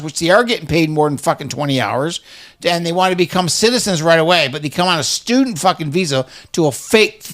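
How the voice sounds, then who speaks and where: A man's voice: high voice, a bit bright. A middle-aged man in casual chat, ranting heatedly and swearing constantly.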